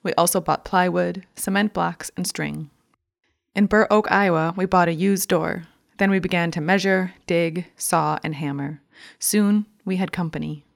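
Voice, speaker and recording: A woman with a gravelly, low voice reads a memoir essay aloud. She delivers it in a measured, deliberate way, slowing down over each list. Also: fairly even intonation. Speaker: reader.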